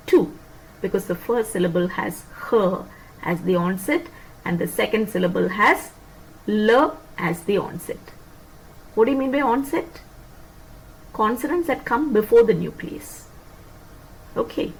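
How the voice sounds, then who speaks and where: A woman teaching a phonetics lesson, repeating points and asking her students quick questions to check they follow. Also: mid-range voice, a little hiss or hum, poor audio. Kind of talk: lecture on phonetics.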